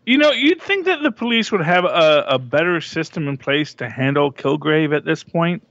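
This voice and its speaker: A man's voice: a little high, big pitch swings, normal speed, fairly bright tone, no echo. A man co-hosting a podcast, chatting casually and wryly about comics. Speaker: podcast co-host. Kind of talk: casual comic review chat. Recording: dry, dull lo-fi mic.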